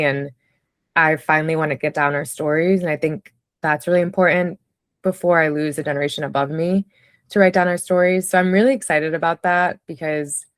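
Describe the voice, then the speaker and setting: A woman's voice: low-pitched, dry recording, clean studio sound. A woman telling personal stories in a casual conversation, reflective and chatty, with many fillers. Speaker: podcast guest, writer.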